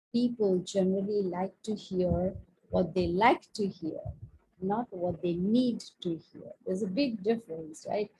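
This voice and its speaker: A woman's voice: mid-range voice, mellow, husky, poor audio. A woman teaching a scripture class over a video call, talking in an easy storytelling way and often saying "you see". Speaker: spiritual teacher.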